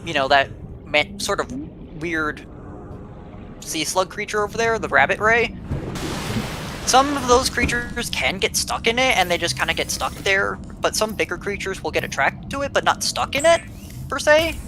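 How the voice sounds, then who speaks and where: A man's voice: high-pitched, animated, moderate pace, noisy background. A man giving casual, explanatory gameplay commentary, often restarting his sentences. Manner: explanatory, with restarts and filler words. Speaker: game commentator. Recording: voice over loud game music.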